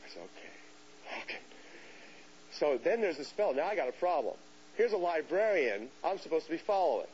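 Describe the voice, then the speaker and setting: A man giving a lecture to an audience, telling a story in an animated way and acting out the voices of people he quotes. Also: a little high, fast talker. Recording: dull hissy lecture recording.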